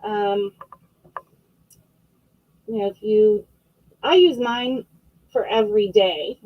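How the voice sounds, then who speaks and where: A woman hosting a live vintage auction stream, chatting casually as she describes each item, with frequent fillers and quick self-corrections. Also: mid-range voice, lo-fi sound.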